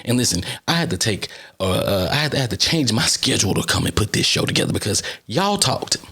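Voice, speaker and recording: A man hosting a podcast in a casual monologue, animated and chatty, constantly repeating "listen" and "okay" between his points. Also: fairly low pitch, quick pace, creaky, husky. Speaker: podcast host.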